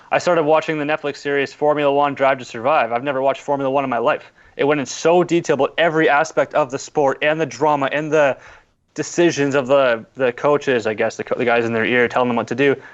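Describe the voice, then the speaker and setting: Man, podcast guest, casual chat, relaxed, dull lo-fi recording. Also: a little high.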